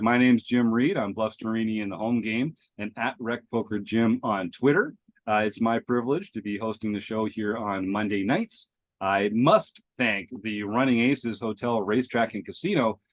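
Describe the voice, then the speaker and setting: A man with a medium-pitched voice hosts a poker podcast, bubbling with gratitude and energy as he opens the show. He talks in an easy, chatty way, full of little fillers, and reads the sponsor thanks with real warmth. The sound is close and dry, like a home studio mic. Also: no room sound. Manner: enthusiastic, grateful, chatty with fillers. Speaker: podcast host.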